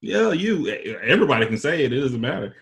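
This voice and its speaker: Slow-drawling East Texas man, husky. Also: mid-range voice, very animated. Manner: slow, drawling, laid-back talk. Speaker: podcast host. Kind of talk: casual chat.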